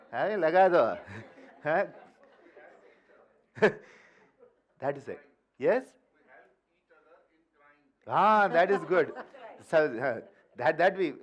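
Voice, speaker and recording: A man with an Indian English accent teaches a yoga workshop group in a high, lively voice. He is playful and animated, often tossing a quick "huh?" to the room. His talk moves between stories and prompts to the group. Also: highs cut off. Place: workshop hall.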